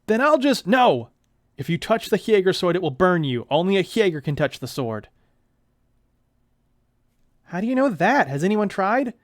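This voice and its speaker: Dude reading a young demon hunter, yelling, high and tense, dry sound. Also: male voice, big pitch swings, normal speed, pauses often, no echo. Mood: urgent.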